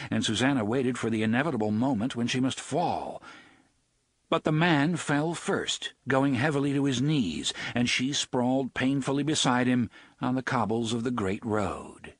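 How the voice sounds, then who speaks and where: A man narrating a novel as an audiobook in an expressive storytelling read. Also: mid-range voice, breathy edge, dry recording, clean studio sound. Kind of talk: scripted narration.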